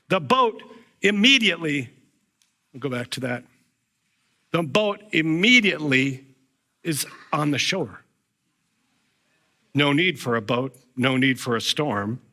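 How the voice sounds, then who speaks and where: A man's voice: high-pitched, sharp tone. A middle-aged man preaching a sermon as a pastor, telling a personal story in a conversational way with frequent restarts.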